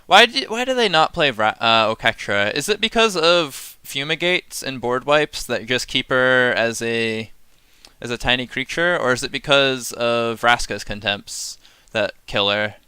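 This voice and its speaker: A man gives casual live-stream commentary on a card game set, chatty and sarcastic, laughing often and working himself into mock rants. His mid-range voice is smooth with a sharp tone and lively intonation, a little slow, with no echo.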